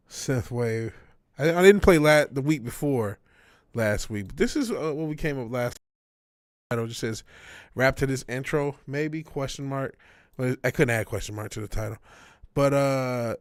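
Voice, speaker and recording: A man's voice: medium pitch, no room sound. Chill slangy guy on a live music stream, mid voice, dry close sound, cusses a lot. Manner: laid-back, slangy, swears often; coaxing and scolding his dog. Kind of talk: casual livestream chat. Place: home music studio.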